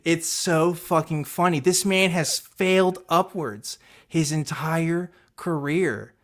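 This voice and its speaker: A man's voice: on the high side, slow. A man co-hosting a casual podcast who reads a transcript aloud and mocks it with profanity and laughter. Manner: profane, mocking, laughs between lines. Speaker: podcast co-host.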